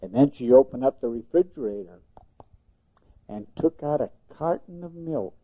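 An older man, a grandfather, slowly telling a gentle bedtime story in a singsong way. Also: mid-range voice, animated. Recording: tinny phone-like sound.

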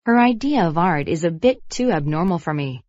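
A woman reading example sentences and a short story for a vocabulary lesson in clear, measured narration. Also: on the low side, expressive, darkish tone, no room sound, lo-fi sound.

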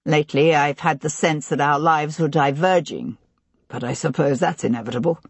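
A grieving young gentleman. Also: medium pitch, breathy edge, dry recording. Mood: subdued. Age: 30s. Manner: strained, desperate, halting. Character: grieving young gentleman, brother of missing woman. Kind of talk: audiobook character reading.

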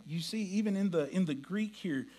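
A man preaching a sermon as pastor, folksy and storytelling, dropping to a hush and rising to loud quoted lines. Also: high voice, normal speed.

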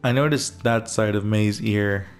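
Chill guy doing slow lets-play chatter, jokey, faint music. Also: lowish voice, smooth. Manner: laid-back, joking, mumbled asides. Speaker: gaming streamer. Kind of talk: casual let's-play commentary.

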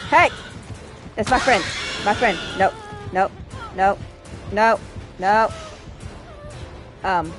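A woman streaming a game with casual commentary, who laughs a lot and yells at the game. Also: medium pitch, very animated, extremely slow, long pauses, faint music behind.

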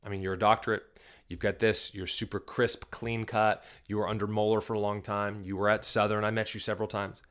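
Emphatic, bright-voiced male pastor. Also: lowish voice, flat delivery, brisk. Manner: emphatic, indignant, rhetorical questions to viewers. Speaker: Southern Baptist pastor. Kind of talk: video reaction commentary.

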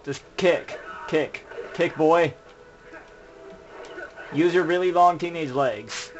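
A man's voice: on the high side, slow pace, highs cut off. A man commenting sarcastically while playing a video game, mocking the characters and cheering himself on. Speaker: gameplay commentator. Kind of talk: sarcastic let's play commentary.

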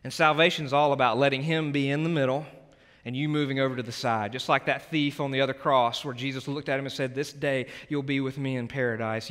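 A male pastor giving an altar call in a church, earnest and pleading, shifting between loud urging and hushed prayer. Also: fairly high pitch, moderate pace. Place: church sanctuary. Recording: long church hall reverb with soft music.

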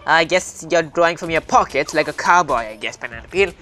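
A woman with a fairly low voice, joking in a relaxed way while she games. Music plays faintly behind her. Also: fairly quick. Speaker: gamer. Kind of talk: casual gaming chat.

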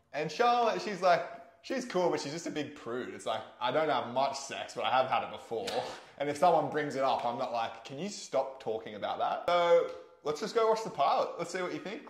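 A man's voice: medium pitch, lively intonation, a little fast, echoey room. A man co-hosting a casual recap chat, laid-back and joking, swearing now and then. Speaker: podcast co-host.

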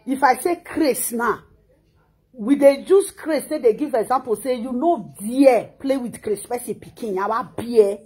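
A Nigerian woman in her thirties speaks in a high voice and a Nigerian Pidgin accent. She scolds with passion and repeats her words as she reacts to the news. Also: unhurried, a little mellow, breathy edge. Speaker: social media commentator. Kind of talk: emotional reaction monologue.

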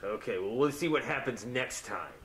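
A man's voice: mid-range voice, animated, moderate pace, fairly bright tone, natural voice. A man voicing a cocky puppet buddy who teases bluntly. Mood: mocking. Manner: mocking, blunt.

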